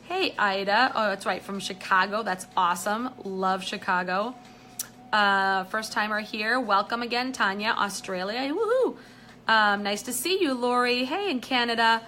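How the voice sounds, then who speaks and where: A woman's voice: mid-range voice, normal speed, bright, forceful tone. A woman giving a live angel card reading in a chatty way, often saying "you know" and greeting viewers as she goes.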